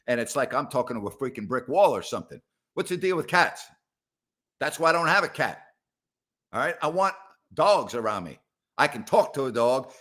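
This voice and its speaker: Middle-aged guy hosting a live sports show from a house, sarcastic and exasperated, rambles on, normal pitch. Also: fairly bright tone. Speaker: sports talk show host. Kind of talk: live call-in show chat. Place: house, indoors.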